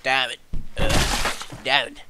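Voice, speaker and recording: A young man giving casual let's-play commentary, excitable and swearing as he yells at the game. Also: medium pitch, takes it slowly, very noisy. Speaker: gameplay commentator.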